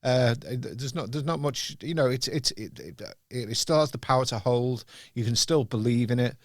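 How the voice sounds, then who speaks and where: A man's voice: medium pitch, moderate pace, dry recording. Dry, reflective male podcast host. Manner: reflective, searching for words. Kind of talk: casual film chat.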